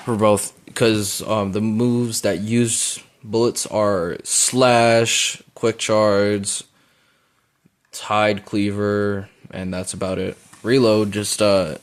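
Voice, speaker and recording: A man giving casual, rambling gameplay commentary, full of fillers, breaking into excited yelps while playing. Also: lowish voice. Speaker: gaming YouTuber. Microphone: phone.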